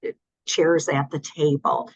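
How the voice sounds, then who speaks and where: An older woman talking in a relaxed interview, hesitant with many fillers and restarts, over a dull audio line. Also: deep voice, measured pace, gravelly, husky, no echo. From United States. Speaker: guest. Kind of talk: casual interview.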